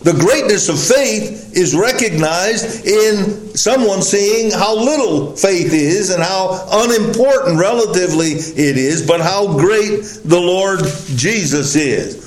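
Slow, emphatic male preacher in an echoey hall. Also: expressive. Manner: emphatic, drawn-out stresses with sudden drops in pitch and volume. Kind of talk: sermon.

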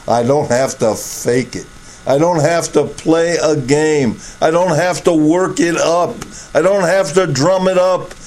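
A man's voice: on the high side, rough recording. A man preaching a sermon, with emphatic, repetitive phrasing and occasional chuckles.

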